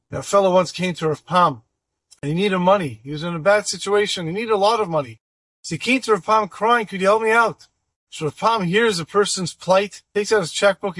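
A high-pitched man tells an inspirational story with earnest feeling. He voices each person in the tale himself. The sound is dry and close to the mic. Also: fairly bright tone, slightly rough, no echo. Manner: earnest, acts out the voices in his stories.

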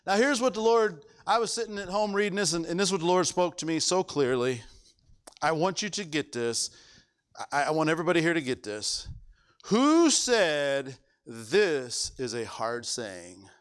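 Male pastor, emphatic sermon delivery, lively swooping pitch. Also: normal speed, clear, resonant tone. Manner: emphatic, animated preaching with rhetorical questions.

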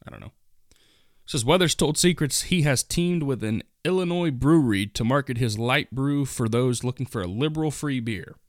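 A man's voice: mid-range voice, expressive, moderate pace, no room sound, studio quality. A man hosting a solo political commentary podcast, reading news aloud and riffing on it in a sarcastic, mocking, profane way. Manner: reads news aloud and riffs on it. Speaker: podcast host.

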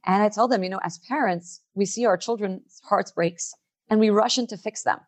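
A middle-aged woman leading a workshop, speaking earnestly and emotionally and slowing down to stress her key points. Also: mid-range voice. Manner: emotional, earnest, slows down for emphasis. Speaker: workshop leader. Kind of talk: heartfelt inspirational talk.

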